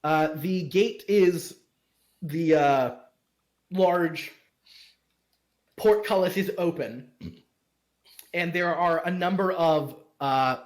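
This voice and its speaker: A man narrating a tabletop game as game master, halting and stopping often to search for words. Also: a little high. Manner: halting, full of fillers.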